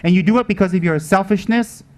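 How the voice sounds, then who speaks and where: A man teaching the Dharma with a fairly high voice. He hammers his points home, repeats them and keeps asking rhetorical questions as he preaches. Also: fast talker, a little mellow. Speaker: Buddhist teacher.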